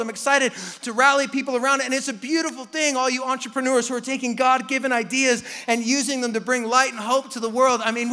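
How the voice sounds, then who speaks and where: A man with a very high, bright, sharp-edged voice preaches to his church, animated and quick to joke as he acts out the voices in people's heads. His words ring out with a long hall reverb. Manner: animated and joking, acting out inner voices. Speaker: pastor. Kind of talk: sermon.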